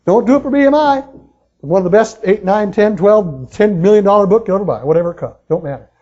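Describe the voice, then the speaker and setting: A man speaking as a motivational speaker at a sales meeting, talking excitedly and pushing the crowd with questions in a live seminar talk. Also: high-pitched, fast talker, highs cut off. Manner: excitable, pushy, talks straight to the crowd with questions.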